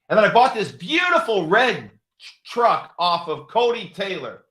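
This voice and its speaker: A man in his sixties hosting a motivational talk, telling a story emphatically, with lots of repetition and loud excited bursts. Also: on the high side, moderate pace. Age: 60s. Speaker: show host. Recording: roomy echo.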